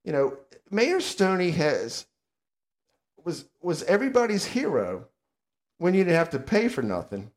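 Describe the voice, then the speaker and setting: A man's voice: high-pitched, very animated, measured pace. An older man, co-hosting a casual podcast and ranting bluntly and sarcastically. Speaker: podcast co-host.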